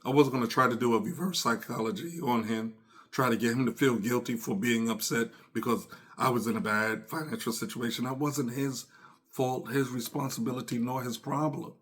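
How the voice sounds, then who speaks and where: A man's voice: mid-range voice, fairly even intonation, moderate pace, a bit bright. A middle-aged man hosting a podcast, speaking earnestly and reflectively, often repeating phrases and acting out remembered conversations. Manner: earnest, repeats phrases, acts out quoted dialogue. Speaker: podcast host. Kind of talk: reflective personal talk.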